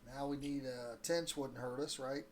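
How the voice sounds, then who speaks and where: A man's voice: mid-range voice, normal speed, slight background noise. A man from Ohio chatting casually over a fishing game, rambling into stories and chuckling often. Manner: relaxed and rambling, storytelling between casts, chuckles often. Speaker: gaming channel host. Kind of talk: casual gameplay commentary.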